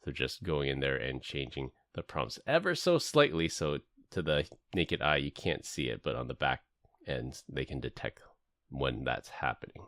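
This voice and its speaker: A man's voice: rumbling low, moderate pace, dry recording. A middle-aged man hosting a casual tech podcast, telling stories with energy and acting out the people he quotes. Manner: animated storytelling, acts out quoted people. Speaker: podcast host.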